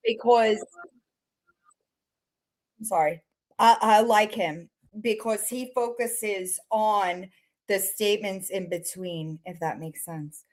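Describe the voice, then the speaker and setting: A woman streaming and chatting casually, swearing freely and cooing to her cats in a high baby voice. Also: takes it slowly, long pauses, faint music behind, low-quality recording. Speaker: streamer reacting to videos. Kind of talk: casual chat.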